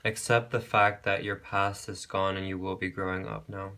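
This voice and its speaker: A man giving a pick-a-card tarot reading, talking gently and reassuringly, rambling with restarts and calling listeners babe and beautiful soul. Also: low-pitched, little pitch movement, moderate pace. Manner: affectionate, calls viewers babe and beautiful soul. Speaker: tarot reader.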